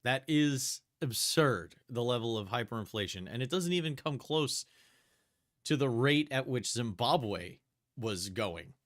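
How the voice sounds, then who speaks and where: A man runs a live-stream coin auction, describing banknotes and coins while calling bids in a steady, chatty auction chant. His voice is medium-pitched and his pace measured.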